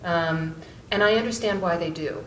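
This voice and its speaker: A middle-aged woman author tells a story on a panel in a conversational way, halting often with many restarts and fillers. She's indoors in a book event room, recorded in an echoey space with a distant mic and a faint rumble.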